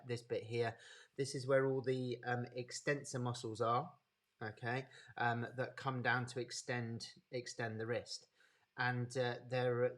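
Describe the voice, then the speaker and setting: A man with a Birmingham accent giving an informal anatomy lecture over a live webinar, chatty and unhurried, greeting attendees by name. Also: mid-range voice. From English Midlands.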